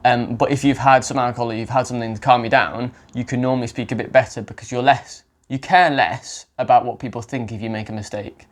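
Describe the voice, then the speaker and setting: A man's voice: mid-range voice, steady tone, fast, few pauses. A young English man, a language coach, giving casual spoken advice with a chatty, self-correcting manner and frequent restarts. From England.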